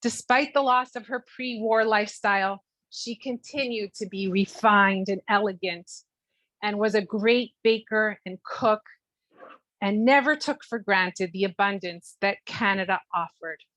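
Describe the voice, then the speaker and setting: A middle-aged woman, a mother, reading a heartfelt speech at her daughter's bat mitzvah, measured and sprinkled with Hebrew terms. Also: mid-range voice, a bit bright, no echo, rough recording. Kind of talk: read-aloud family speech. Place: Toronto.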